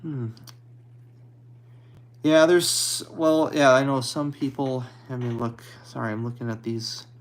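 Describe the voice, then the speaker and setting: A man streaming and answering viewer comments in a halting, hesitant way, apologetic and a little anxious. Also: medium pitch, steady tone. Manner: halting, hesitant, with many restarts; apologetic and modest. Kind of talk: casual live chat.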